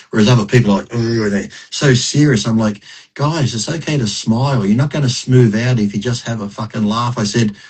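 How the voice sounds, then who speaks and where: A man's voice: mid-range voice, darkish tone, breathy edge, rough recording. A middle-aged man, telling stories in a blunt, profane, self-mocking way as a podcast guest. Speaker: podcast guest, retired bodybuilder. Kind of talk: casual interview storytelling.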